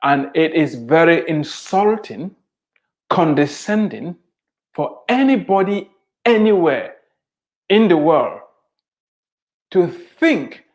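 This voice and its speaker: Slow, emphatic man. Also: fairly high pitch. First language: Mundani. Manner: emphatic, preachy, repeats key points. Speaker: author giving advice to immigrants. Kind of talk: earnest motivational talk.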